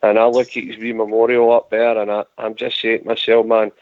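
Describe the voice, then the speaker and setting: A man's voice: on the low side, completely flat delivery, fairly quick, no room sound. A Scottish man hosting a fan radio phone-in, talking in an earnest, rambling way and repeating his phrases. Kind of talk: casual fan radio chat. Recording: dry tinny phone-line audio.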